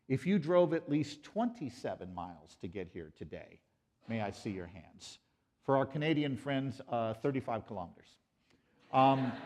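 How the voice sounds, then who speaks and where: A man giving an animated lecture at a conference, joking with and quizzing a live audience. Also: medium pitch. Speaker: conference speaker. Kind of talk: pro-life apologetics lecture.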